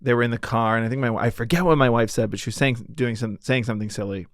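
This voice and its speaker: Candid storytelling dad in a dry studio. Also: male voice, medium pitch, rapid-fire, no echo. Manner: candid, storytelling with quoted voices. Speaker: podcast co-host, father. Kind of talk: casual chat.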